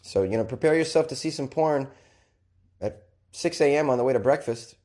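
A man's voice: mid-range voice, fairly quick, warm tone. A man hosting casual news commentary, joking and rambling with self-deprecating asides. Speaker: podcast host.

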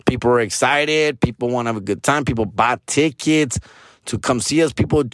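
Hoarse, slangy man in his forties. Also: medium pitch, moderate pace, a bit bright, no room sound, studio quality. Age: 40s. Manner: profane, slangy, keeps tagging lines with fool and bro; mixes in Spanish slang. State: hoarse, raspy. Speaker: comedian. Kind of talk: casual monologue.

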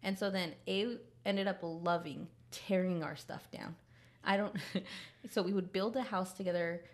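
A woman's voice: on the low side, steady tone, a little slow. A young woman co-hosting a podcast, chatting casually and animatedly, laughing often as she tells a family story. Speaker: podcast co-host. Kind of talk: casual chat.

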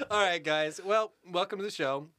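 A young man hosting a podcast in casual, joking chat, swinging between dramatic and flat delivery. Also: high-pitched, dry recording. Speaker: podcast host.

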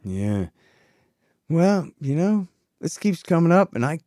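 A man hosting a political interview, ranting sarcastically and swinging from quiet asides to loud outbursts. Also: fairly high pitch, very animated, slow, long pauses, dry recording, studio quality. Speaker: host.

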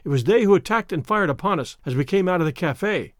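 A man's voice: high-pitched, animated, quick pace, no room sound, clean studio sound. A man reading aloud and voicing a loyal, watchful Arab servant who speaks with urgency. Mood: urgent.

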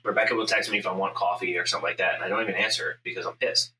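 A man's voice: sits low, steady tone, rapid-fire, pushed and bright. A man telling a story in casual podcast chat, intense and profane, acting out his own inner voice. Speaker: podcast host, business owner. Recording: echoey room, mic at a distance, faint ambient noise.

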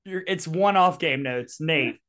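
A woman's voice: sits low, unhurried, fairly bright tone. A woman co-hosting a sports podcast in casual chat, teasing and playfully exasperated. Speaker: podcast co-host and broadcast analyst.

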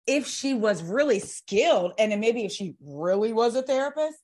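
A woman's voice: a little high, expressive, normal speed, darkish tone. A woman, chatting casually about reality TV as a podcast co-host, sassy and blunt with her opinions. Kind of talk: casual reality-TV recap chat. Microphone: video call.

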